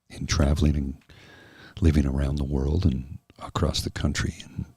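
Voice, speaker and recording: A man hosting a soft-spoken ASMR livestream, talking slowly and earnestly and answering viewers by name. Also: rumbling low, slightly rough, no room sound, clean studio sound. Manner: slow, earnest and heartfelt, addressing viewers by name. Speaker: livestream host.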